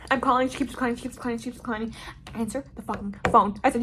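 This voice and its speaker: A young woman with a notably high voice tells a storytime for her vlog. She is dramatic, animated and swears constantly as she tells it. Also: rapid-fire, a little hiss or hum. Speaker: vlogger.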